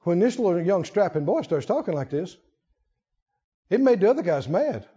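High, animated preacher. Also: male voice, moderate pace, breathy edge, dull audio. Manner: animated, shouting at peaks, acting out quotes. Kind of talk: sermon.

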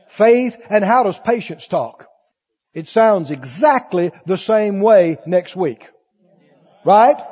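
A man preaching a sermon in a very high, husky voice that rises and falls with lively energy. He quizzes the congregation and acts out the voices of doubters. The recording sounds dull and carries a long hall echo. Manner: preaching with call-and-response questions. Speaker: pastor.

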